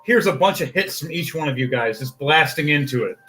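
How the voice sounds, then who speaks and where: Excitable bright-voiced man running the game. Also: fairly high pitch, brisk, soft background music. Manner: excitable, swearing, laughing often. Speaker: game master. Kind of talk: narrating a tabletop game.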